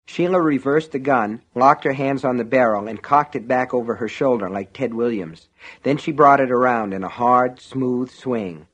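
A male audiobook narrator reads a novel aloud in measured, even storytelling. His voice is mid-range, and the narration is scripted.

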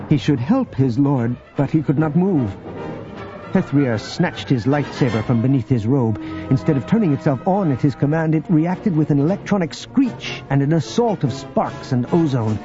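A man's voice: fairly high pitch, muffled recording. Man narrating an audiobook over music. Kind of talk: scripted narration.

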